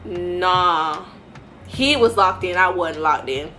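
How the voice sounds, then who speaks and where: A young woman host telling her faith story in casual, animated talk, acting out what people said. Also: lowish voice, takes it slowly, slight background noise. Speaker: video host. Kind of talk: casual testimony.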